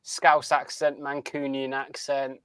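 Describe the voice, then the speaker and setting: A man's voice: mid-range voice, monotone, slow, noisy background. An English man with a southern accent, a podcast co-host explaining things in casual chat over a video call, often restarting his sentences. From Northumbria, England.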